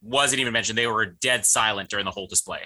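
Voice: mid-range voice, fast, bright, forceful tone. A podcast co-host chatting casually with a dry, teasing manner. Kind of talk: casual banter.

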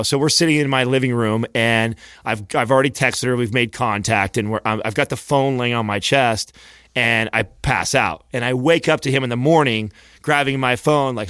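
A man's voice: mid-range voice, fairly quick, no echo. Man telling a wild bar story, dry mic. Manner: animated, profane, acts out quotes. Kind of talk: casual storytelling chat.

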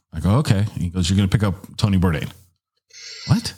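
A middle-aged man tells a story in a relaxed, lively way. His voice is low and husky, and he jumps higher when he quotes others. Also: brisk. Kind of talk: casual storytelling.

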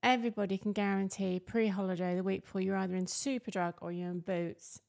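A woman's voice: medium pitch, little pitch movement, quick pace, creaky, darkish tone. A middle-aged mother chatting with her daughter in her kitchen, dry and teasing. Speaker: podcast co-host, mother. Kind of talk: casual chat with her daughter. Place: home kitchen.

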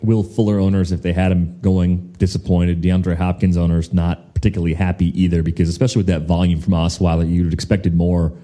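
Man, very deep voice, very dark tone, measured sports podcast host. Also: flat delivery. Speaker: fantasy football podcast host. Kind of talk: casual sports chat.

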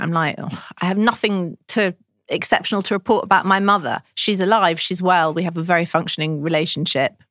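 A woman in a relaxed podcast chat, telling a long story with animated quotes of other people. Her voice sits in a middle register. The sound is dry and close to the mic. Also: mid-range voice, fairly quick, no echo.

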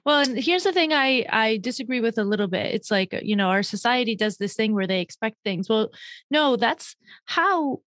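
A woman's voice: a little high, lively intonation, normal speed, a bit bright, no room sound, studio quality. A woman hosting an interview, explaining her views on roles and shared workload in a confident, reasoned way. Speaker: host. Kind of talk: interview discussion.

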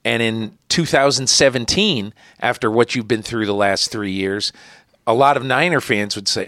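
Man interviewing with lively storytelling. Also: medium pitch, moderate pace, no echo, studio quality. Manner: lively anecdotal storytelling, hesitant restarts. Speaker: interviewer, podcast host. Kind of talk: conversational interview.

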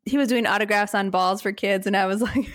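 A woman's voice: medium pitch, a little fast, no echo, clean studio sound. A woman co-hosting a podcast, telling a story in a casual chat and often laughing. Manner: giggly storytelling, acts out quotes. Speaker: podcast co-host.

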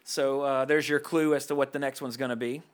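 A man hosting a casual podcast chat, joking and animated. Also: medium pitch. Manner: animated, joking, talks quickly. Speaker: podcast host.

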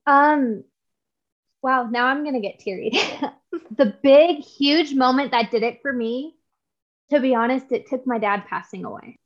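Woman, interview guest, fairly high voice, earnest and heartfelt, muffled lo-fi audio. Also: measured pace. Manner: earnest and heartfelt, with frequent restarts. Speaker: podcast guest. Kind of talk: conversational interview.

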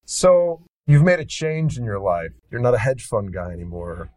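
A man's voice: mid-range voice, sing-song, normal speed, darkish tone, no room sound. A man hosting a podcast interview, asking short, probing questions and giving brief backchannels. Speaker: podcast host.

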